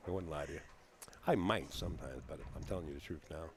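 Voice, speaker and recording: Man, very low voice, pool commentator, booth, jokey folksy banter, faint background noise. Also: quick pace. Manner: jokey, laughs often, folksy.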